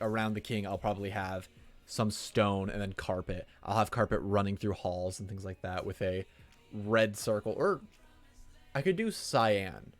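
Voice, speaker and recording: A young man with a lowish voice talks through his building plans as he plays, rambling and self-mocking in a loose stream-commentary way. Soft background music runs faintly behind him. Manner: chatty, thinking aloud, self-mocking. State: hiccups. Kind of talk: casual gameplay commentary.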